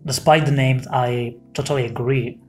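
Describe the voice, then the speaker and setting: A man's voice: medium pitch, fairly even intonation, normal speed, a little mellow, soft background music. A man with an Italian accent hosting an interview, speaking English as a second language with many hesitations and self-corrections. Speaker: host, interviewer. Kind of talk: interview questions.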